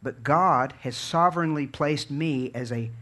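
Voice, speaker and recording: A man from Virginia preaching a sermon in an earnest, conversational way, dropping low and quiet and then building to fervent peaks. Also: measured pace. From Virginia, USA. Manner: conversational storytelling with repeated words and restarts.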